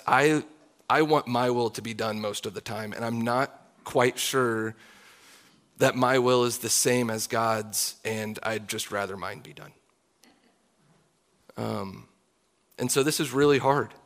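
A man in his thirties, a pastor preaching a sermon in an earnest, confessional way. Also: mid-range voice. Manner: earnest, confessional, closing in soft prayer.

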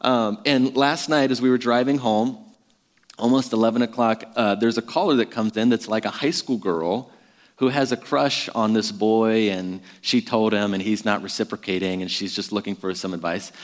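Chatty pastor in a reverberant hall. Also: male voice, fairly low pitch, fairly even intonation, normal speed. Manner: conversational, self-deprecating, lots of fillers. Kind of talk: sermon.

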